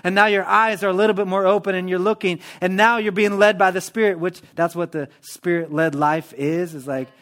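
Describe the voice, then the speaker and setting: A man preaching a sermon in a church, in a lively, conversational manner that acts out everyday prayers. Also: sits high, a little fast, hardly any pauses. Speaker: pastor.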